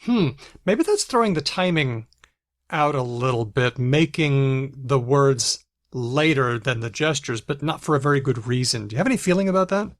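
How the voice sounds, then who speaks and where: A man's voice: mid-range voice, lively intonation, normal speed, no echo. Guy co-host walking thru a study, dry close sound, mid voice. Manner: explanatory, discusses research studies. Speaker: podcast co-host. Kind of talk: casual chat. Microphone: video call.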